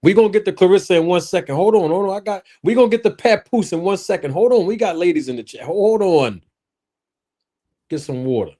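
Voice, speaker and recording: Animated man hosting a live stream. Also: high voice, fast talker, few pauses. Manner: animated, joking, talks straight to his chat. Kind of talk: casual live stream chat. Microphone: own streaming microphone.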